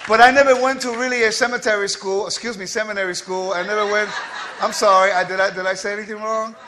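A man giving a quick, scattered and playful teaching to a congregation, joking with the listeners as he goes. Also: high voice, steady tone, sharp tone, slight background noise. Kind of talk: lively spoken teaching.

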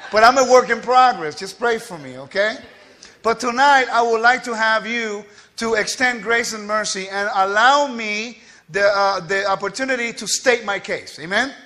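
A man giving a quick, scattered and playful teaching to a congregation, joking with the listeners as he goes. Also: sits high, bright, forceful tone. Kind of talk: lively spoken teaching.

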